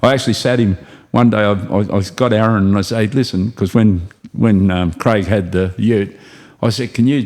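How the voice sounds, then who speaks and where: Aussie bloke, low voice, chatty guest who rambles and chuckles through stories. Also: male voice, steady tone, moderate pace, few pauses, darkish tone. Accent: Australian. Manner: rambling anecdotes, chuckling while telling. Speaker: guest, racing driver. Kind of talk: casual storytelling chat.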